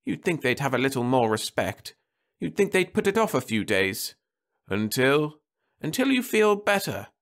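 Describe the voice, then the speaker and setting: A man voicing a weary middle-aged wife pleading softly at her dying husband's bedside. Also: medium pitch, very animated, moderate pace, pitched above the performer's own voice. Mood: strained. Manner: soft, strained, pleading.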